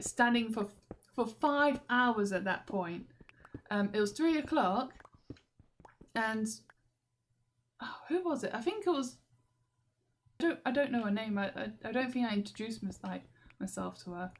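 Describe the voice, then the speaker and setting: A woman's voice: medium pitch, normal speed, pauses often, a little hiss or hum. A young woman, rambling and exasperated in a video diary, laughing often. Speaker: vlogger. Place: walking through a station.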